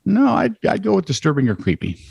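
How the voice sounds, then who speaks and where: Jokey man with lively pitch reading odd news. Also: fast talker, vocal fry, breathy edge, no room sound. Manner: jokey, reads headlines with wry asides. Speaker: podcast co-host. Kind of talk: casual comedic news chat.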